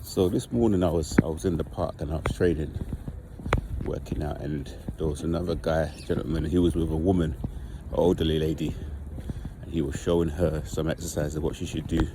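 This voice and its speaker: A man with a low, deep voice talks straight to his viewers in a loose, rambling vlog. He leans on "like" as he works through what happened. Steady traffic noise carries behind him. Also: a little fast. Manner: rambling, informal, heavy use of "like". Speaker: vlogger. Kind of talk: casual storytelling monologue.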